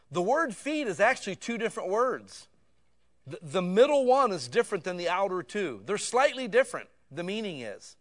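A man preaching a sermon in a conversational, casual way that swells to loud emotional peaks. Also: high voice, big pitch swings, normal speed.

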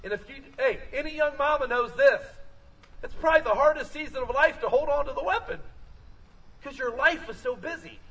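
High-voiced, bright preaching man heard from afar. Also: husky, distant mic, low-quality recording. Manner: energetic, storytelling, rising to shouts. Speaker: pastor. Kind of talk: sermon.

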